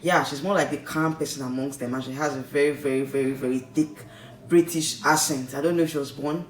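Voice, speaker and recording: A man's voice: mid-range voice, steady tone, brisk. Chatty Nigerian man, echoey distant mic. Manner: chatty, rambling, keeps tagging "okay?" and "like, seriously". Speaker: vlogger reviewing a reality show. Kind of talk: casual commentary. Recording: echoey room, distant mic, faint noise.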